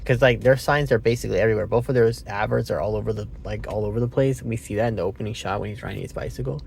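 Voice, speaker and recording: A man's voice: lowish voice, very fast, creaky, a little mellow, a little hiss or hum. A man giving a casual, rambling movie review, meandering with fillers and self-corrections, sounding sleepy. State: sleepy, yawning.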